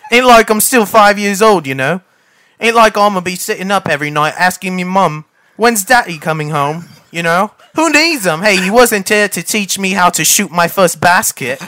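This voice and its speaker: Guy faking a british accent, brash young dude, laughing through it, bright lively voice. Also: high voice, normal speed, pitched below the performer's own voice. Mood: giggly mock-British. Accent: put-on British. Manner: giggly, mock-British slang. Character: brash young man abandoned by his father. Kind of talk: amateur comic scene reading.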